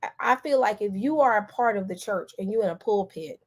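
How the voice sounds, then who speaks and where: A woman's voice: mid-range voice, lively intonation, brisk. A woman vlogger giving casual commentary to her viewers, talking emphatically and repeating herself with many restarts. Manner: emphatic and repetitive, with frequent restarts; addresses the viewers directly.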